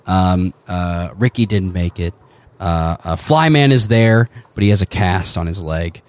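A man narrating as game master in a tabletop game, halting with many fillers. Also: deep voice, darkish tone.

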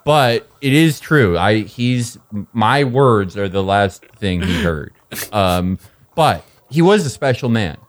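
A man's voice: lowish voice, lively intonation, slow pace. A man playing a tabletop game, speaking in character with impassioned, rambling talk. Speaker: player. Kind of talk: in-character role-play.

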